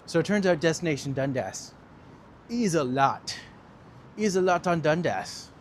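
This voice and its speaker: Tour-guide streamer, male, slightly high voice, casual and jokey, walking city streets with faint background noise. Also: lively intonation, unhurried. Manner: chatty and jokey, answering live chat while walking. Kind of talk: live walking-tour stream, chatting with viewers.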